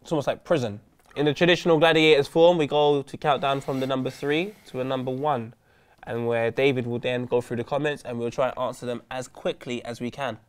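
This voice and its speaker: A young man, co-hosting a casual football chat show with animated, jokey banter. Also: mid-range voice, brisk, smooth. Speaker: co-host. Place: indoor studio seated on chairs.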